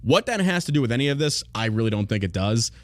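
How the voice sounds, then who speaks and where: A man's voice: medium pitch, sing-song, fast talker, no room sound. A man hosting a podcast, talking bluntly and profanely in a mocking, opinionated rant. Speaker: podcast host.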